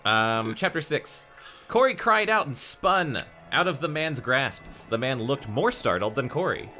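A man's voice: mid-range voice, expressive, a little slow, sharp tone, soft background music. A man co-hosting a casual book podcast, rambling with fillers, then reading chapters aloud. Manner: rambling, many fillers and restarts.

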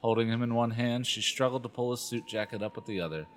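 A man co-hosting a comedy podcast, reading a children's horror book aloud with animated dialogue and jokey asides. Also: mid-range voice, fast, a little hiss or hum. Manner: reads dialogue animatedly, breaks into laughter.

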